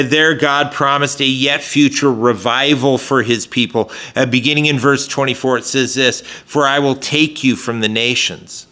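A man preaching in a slow, deliberate way, pausing often and restarting his phrases. His voice is bright and forward, at an ordinary middle pitch. He sounds like a pastor talking a congregation through scripture. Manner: conversational preaching with frequent fillers and restarts. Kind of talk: sermon.

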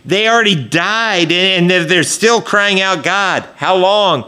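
Slow, bright-voiced male preacher. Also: sits high, smooth. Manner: conversational preaching with frequent fillers and restarts. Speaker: pastor. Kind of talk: sermon.

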